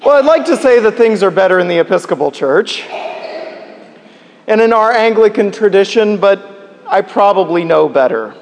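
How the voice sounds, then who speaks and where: A male pastor with a high voice gives a sermon in a church, his words trailing into a long reverberant tail. He delivers a joke and then teaches in a measured, deliberate way. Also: expressive.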